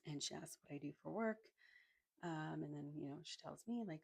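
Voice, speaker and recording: A woman's voice: low voice, fairly quick, gravelly, slightly rough. A woman from Arizona, an energy healer, telling her own story to the camera in a chatty, casual way, full of "like" and the odd swear word, speaking into a microphone. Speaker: energy healer and Reiki practitioner. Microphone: microphone in front of her.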